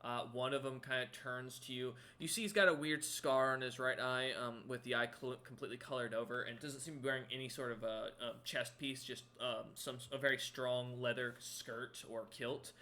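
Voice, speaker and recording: A man's voice: medium pitch, fairly even intonation, normal speed, few pauses, pushed and bright. A man narrating a tabletop game as game master, rambling with many fillers. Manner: rambling, lots of ums and kinda.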